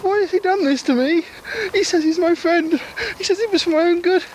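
A woman's voice: very high-pitched, a little fast, a little mellow, a little hiss or hum, low-quality recording. A woman playing a frightened man whose memory is falling apart, in an amateur audio drama, talking in panicky, tearful bursts. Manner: breathless, panicky, tearful pleading. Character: confused frightened man losing his memory.

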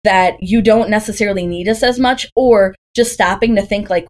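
In a steady, medium-pitched voice at a moderate pace, a Green Bay, Wisconsin woman in her thirties guests on a podcast as a doula. She keeps things casual and chatty, sharing stories and tossing out rhetorical questions.

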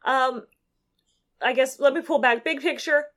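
A woman co-hosting a casual podcast chat, animated and laughing often as she recaps a game. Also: high voice. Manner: animated, laughs often, acts out characters in quick voices. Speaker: podcast co-host.

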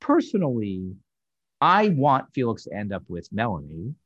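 Lively-voiced man recapping a sitcom. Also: on the low side, normal speed, husky, dry recording, lo-fi sound. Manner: thoughtful, recaps scenes with hesitant fillers. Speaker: podcast co-host reviewing a sitcom episode. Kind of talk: casual review chat.

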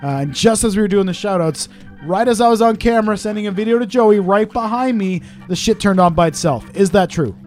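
Excitable high-voiced man cohosting a podcast. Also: a little fast, soft background music. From Canada. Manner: loud, profane, joking. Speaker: podcast co-host. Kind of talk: casual chat.

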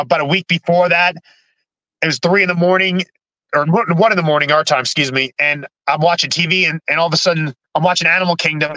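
A man, a podcast guest, telling his own story candidly in halting speech full of restarts and repeated words. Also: on the high side, sharp tone, dry recording, rough recording.

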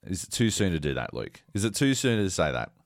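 Male podcast co-host, casual banter, sweary and animated, dry close mic. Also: deep voice, a little fast, no echo.

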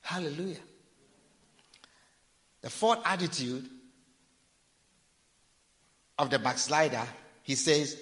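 In a large church hall with long reverb, a preacher whose voice is a little higher than most men's delivers a sermon. He speaks unhurriedly with a slightly bright tone and frequent pauses, repeating himself insistently and sometimes acting out a sinner's pleading.

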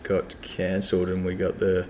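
A man, a club cricketer talking casually in an interview, relaxed and rambling with lots of fillers. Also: deep voice, normal speed, a little hiss or hum.

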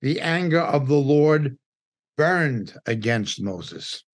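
Slow, deliberate New teacher. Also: male voice, mid-range voice, sing-song. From New York. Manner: deliberate, emphatic, pausing between phrases. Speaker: Bible teacher. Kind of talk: midweek Bible study teaching.

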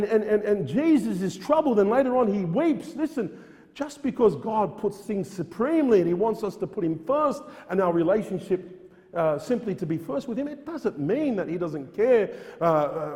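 A man delivers a sermon with earnest insistence, circling back on his key phrases and reading scripture in its old wording. His voice is high for a man yet mellow in tone. It rings through a church with a long, lingering reverb. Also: sing-song, normal speed. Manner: earnest, repeats phrases for emphasis, with frequent restarts; quotes King James scripture aloud. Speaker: preacher.

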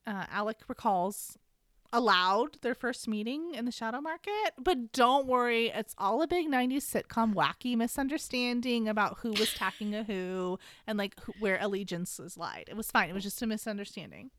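A woman hosting a podcast, giving a chatty, animated casual recap of a book. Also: fairly high pitch, moderate pace, no room sound, clean studio sound. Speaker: podcast host.

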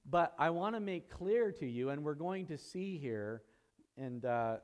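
A man preaching a conversational sermon in a church, teaching with casual asides and growing louder and higher when excited. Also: a little slow. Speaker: pastor. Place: church sanctuary.

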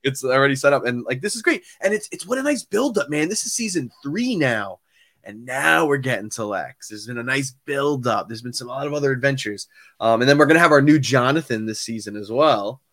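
A young man co-hosting a podcast in casual chat, excitable and quick to laugh. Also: medium pitch. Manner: animated and excitable, laughs easily. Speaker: podcast co-host.

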